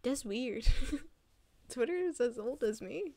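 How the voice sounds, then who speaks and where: Giggly high-voiced young woman streamer. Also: moderate pace, darkish tone, no room sound. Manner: giggly, rambling, laughs often. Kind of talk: casual stream chat.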